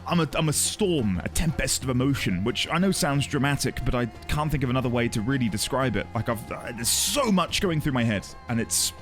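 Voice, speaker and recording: A man's voice: mid-range voice, lively intonation, a little fast, hardly any pauses, faint music behind. A man streaming live, chatting earnestly and emotionally with his audience and greeting viewers by name. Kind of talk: casual chat with a live audience.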